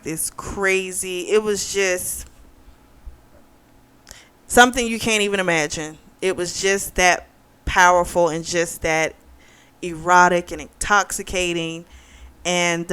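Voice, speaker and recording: A young woman with a smooth, lowish voice hosts a book club video, retelling a plot in a chatty, animated way full of laughs and fillers.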